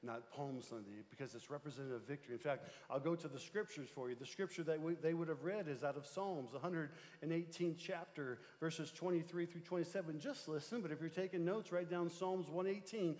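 A male pastor delivering a sermon in a church, preaching emphatically and moving between loud calls and low, quiet passages. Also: brisk, hardly any pauses. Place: church sanctuary. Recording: long reverb of a large church hall.

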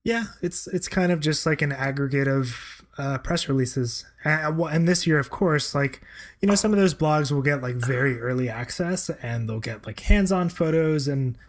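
A man's voice: a little high, moderate pace, slight background noise. A man co-hosting a podcast, chatting casually with dry joking asides. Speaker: podcast co-host. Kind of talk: casual chat.

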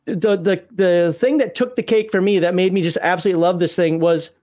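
A man hosts a gaming livestream, talking loosely and animatedly. His voice sits high for a man, and he laughs often and stumbles through restarts as his thoughts outrun his words. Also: steady tone, fairly quick, darkish tone. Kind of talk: casual chat.

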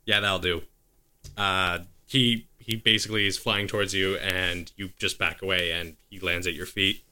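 A man's voice: sits low, fairly even intonation, moderate pace, bright, forceful tone, clear, resonant tone. A man narrating as game master of a tabletop game, improvising the action and stopping to correct himself.

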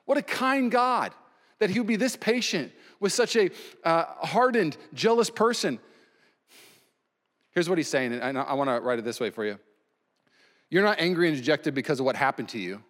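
A man preaching a sermon as pastor, emphatic, swinging between loud and hushed delivery. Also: on the high side, big pitch swings, a little fast. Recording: long reverb from a large hall.

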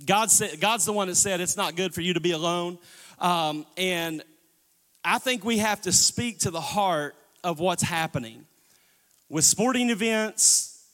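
A man's voice: high-pitched, a bit bright. A man preaching a sermon as pastor, calling on the congregation to respond. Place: church sanctuary. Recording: long church reverb.

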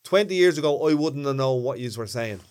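A man's voice: medium pitch, lively intonation, brisk, darkish tone. Reflective Dublin man in easy chat. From Ireland. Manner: reflective, agreeable, explains with examples. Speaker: podcast co-host. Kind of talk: casual chat.

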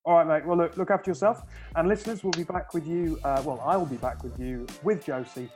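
A man's voice: fairly high pitch, quick pace, darkish tone, soft background music. A man hosting a podcast, chatting casually in a laid-back, joking way. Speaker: podcast host. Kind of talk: casual chat.

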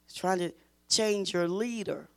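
A woman teaching a Bible study in an emphatic preaching style, repeating phrases and pushing her voice toward a shout. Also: lowish voice, measured pace.

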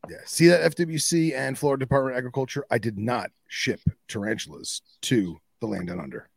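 A man co-hosting a podcast in casual chat, an animated storyteller who acts out both sides of conversations. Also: medium pitch, a little fast, gravelly, dry recording. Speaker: podcast co-host.

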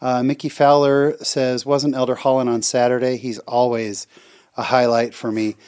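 A man co-hosting a casual podcast, reading audience comments aloud with gushing, heartfelt praise. His voice sits at an ordinary middle pitch, and his manner is friendly and effusive. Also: little pitch movement, moderate pace, darkish tone, clean tone. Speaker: podcast co-host.

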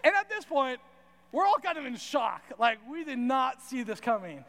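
A young man with a high voice preaches to a crowd in a large hall, and his words ring out with a long echo. He tells his story in a chatty, animated way and keeps asking the room "right?". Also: moderate pace. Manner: animated, conversational, asks "right?" often. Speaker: youth pastor. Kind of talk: sermon with storytelling. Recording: reverberant hall.

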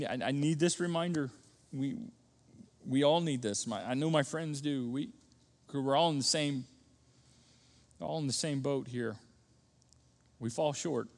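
A man with a high voice preaches in a large church auditorium, and his words ring out with a long hall reverb. He talks emphatically and restarts phrases often, and his volume swings up into sudden loud peaks. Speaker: pastor. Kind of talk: sermon.

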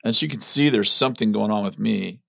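A man's voice: fairly low pitch, brisk, creaky, fairly bright tone, dry recording, clean studio sound. A middle-aged man telling a personal story in a casual chat, animatedly acting out quotes with many restarts. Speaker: ministry leader telling his story.

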